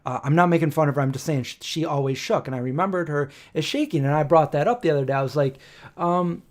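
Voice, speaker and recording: A man in his forties chats casually on a live stream, drifting from one family story to the next. He acts out the lines of the people in his stories, and his voice sits slightly higher than most men's. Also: fast talker. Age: 40s. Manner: anecdotal, acts out quoted dialogue. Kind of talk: rambling live stream chat.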